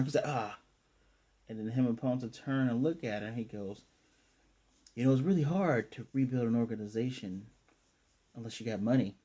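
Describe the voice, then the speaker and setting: Speaking with a mid-range voice, a male reviewer casually and energetically summarizes an anime episode, performing the characters' dialogue along the way.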